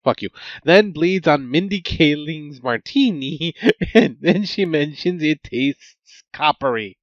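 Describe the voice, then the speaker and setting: Laughing a lot and letting out exasperated remarks, a podcast host jokes his way through a movie summary. He speaks slowly in a slightly high voice with lively intonation, and the sound is dry, dull and lo-fi.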